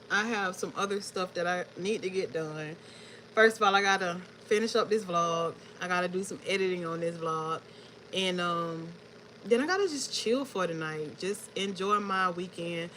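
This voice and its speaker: A woman's voice: mid-range voice, moderate pace, poor audio. Woman on a book livestream, laid-back and chatty, saying y'all a lot, bit of hiss behind her. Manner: chatty and relaxed, addresses viewers as y'all. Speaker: book vlogger hosting a livestream. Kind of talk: casual livestream chat with viewers. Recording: faint background noise.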